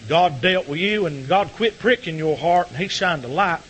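A man preaching a sermon to a congregation in church, rising to shouts at the peaks. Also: a little high, animated, normal speed, a little hiss or hum, poor audio. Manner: impassioned, shouting at peaks, folksy.

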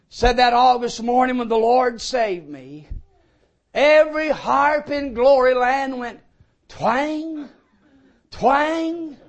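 A man preaching a fervent old-time sermon in a very high voice. He speaks slowly and deliberately, then rises into ringing shouts of praise.

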